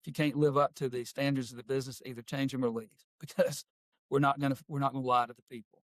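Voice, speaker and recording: Middle-aged guy on a podcast, folksy storyteller, mid pitch, dry close mic. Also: flat delivery, fast, no room sound. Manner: folksy, with homespun phrases. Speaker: guest, workplace culture consultant and author. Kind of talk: casual interview talk and storytelling.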